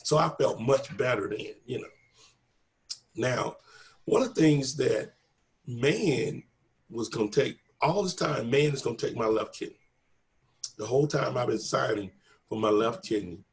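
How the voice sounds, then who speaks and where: A man's voice: mid-range voice, expressive, measured pace, long pauses. A middle-aged man earnestly retelling a personal story in a casual, emotional way, acting out quoted dialogue. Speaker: guest telling his story.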